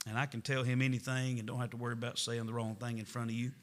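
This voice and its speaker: A man's voice: medium pitch, monotone, very fast. A middle-aged man, a pastor preaching a Wednesday night sermon in a church, folksy and conversational, rising to emphatic preaching. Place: church sanctuary.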